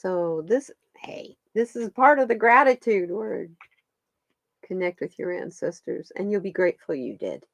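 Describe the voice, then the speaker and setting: A woman's voice: mid-range voice, animated, a little slow, no echo. A woman hosting a live stream, chatting casually with viewers and her pets while she pulls stones and cards.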